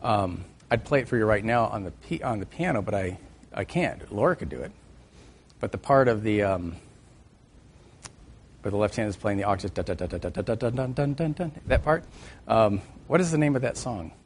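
A middle-aged man teaching a class on music and faith, lively and joking, breaking into sung and hummed examples. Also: on the low side, normal speed, long pauses, slight background noise. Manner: animated, sings and hums examples, jokes with the class.

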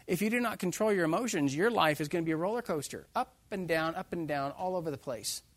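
A man preaching a sermon, emphatic and animated, joking with his listeners. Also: a little high, fast, no room sound. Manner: emphatic, animated, jokes with the congregation.

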